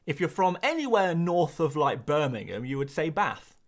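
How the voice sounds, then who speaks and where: A young man from England talks loosely to his live-stream chat, and his pitch sits a little high. His voice leaps up and down as he rambles through quick asides and answers to questions. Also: big pitch swings.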